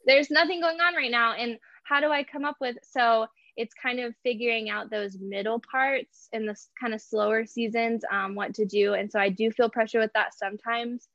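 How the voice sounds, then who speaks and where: Young woman guest, chatty, quick laughs, fairly high voice, slightly muffled dry recording. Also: steady tone, a bit bright, dry recording. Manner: chatty, laughs often, many "like" and "you know" fillers. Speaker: guest, artist and small business owner. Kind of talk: casual interview chat.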